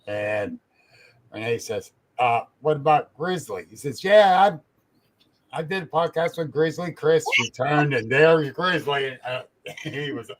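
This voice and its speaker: A man's voice: on the high side, lively intonation, a little slow. An older man, a grandfather, telling easygoing stories in casual chat and chuckling as he goes.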